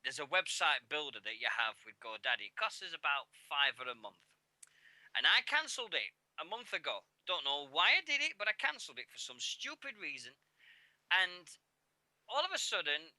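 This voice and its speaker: A man's voice: high-pitched, bright, forceful tone, no echo. A man with a Yorkshire accent co-hosting a radio show, talking in casual, rambling, jokey banter. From Yorkshire, England.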